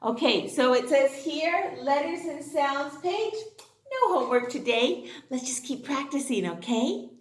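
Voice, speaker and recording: A woman kindergarten teacher giving an online phonics lesson to young children, in a sing-song voice full of gasps and excited exclamations. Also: sits high, a little slow. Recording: echoey room.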